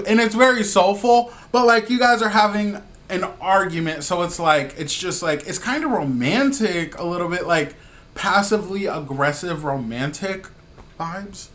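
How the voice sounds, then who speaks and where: A man hosting a music reaction video, talking in an excitable, slangy, gushing way. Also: high-pitched, a little slow. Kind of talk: casual reaction commentary.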